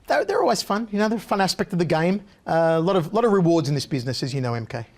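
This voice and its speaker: A man, a guest on an interview show, telling animated anecdotes in a punchy, casual way. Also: on the high side, racing.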